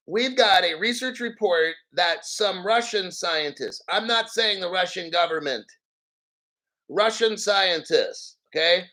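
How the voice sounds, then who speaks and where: A male crypto host rants on his live stream in a brash, mocking manner, swearing freely. His voice sits fairly high for a man. He clears his throat again and again between points. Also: bright, forceful tone, poor audio.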